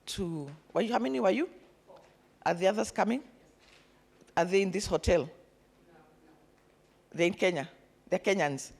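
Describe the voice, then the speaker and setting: A woman's voice: mid-range voice, moderate pace, vocal fry, long pauses, husky. A woman, coaching a summit session in a conference room and getting the audience to repeat words after her. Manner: animated, calls on the audience to repeat words, counts attendees. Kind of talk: lively live event hosting.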